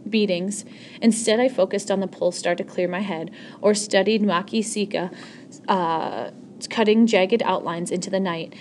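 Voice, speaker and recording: A woman's voice: medium pitch, a little hiss or hum. Woman reading a novel aloud, self-correcting. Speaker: audiobook reader.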